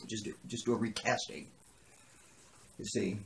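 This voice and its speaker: A man's voice: on the low side, fairly even intonation, moderate pace, fairly bright tone, a little hiss or hum. A man casually recapping a TV episode, sarcastic and rambling, repeating his lines for comic effect and swearing now and then. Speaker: TV show reviewer.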